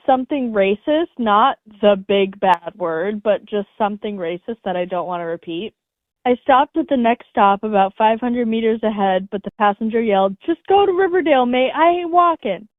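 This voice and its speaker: A woman's voice: mid-range voice, no room sound. A woman reading online stories aloud in a casual chat, with light laughs and asides. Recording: dry, phone-like audio.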